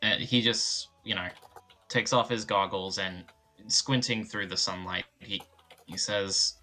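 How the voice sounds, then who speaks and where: Low-voiced, bright-toned man playing a tabletop game. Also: fairly even intonation, measured pace, faint music behind. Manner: hesitant, soft-spoken, trailing restarts. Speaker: player. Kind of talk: tabletop role-play, narrating his character.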